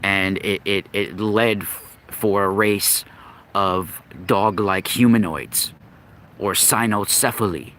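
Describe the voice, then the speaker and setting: This podcast host speaks slowly in a fairly low, steady, slightly bright voice. His casual monologue on myth and occult lore rambles, unscripted, with frequent restarts while he searches for words.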